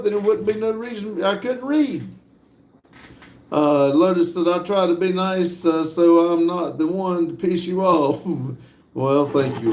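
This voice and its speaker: A man hosting a casual livestream, reading viewer messages aloud in an unhurried way, with frequent fillers and chuckles. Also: sits high, a little mellow, reverberant. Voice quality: laid-back, chuckles often between messages. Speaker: livestream host.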